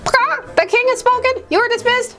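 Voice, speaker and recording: A woman voicing a fussy beaked clerk creature in a high, sing-song, obsequious voice. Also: brisk, bright, forceful tone.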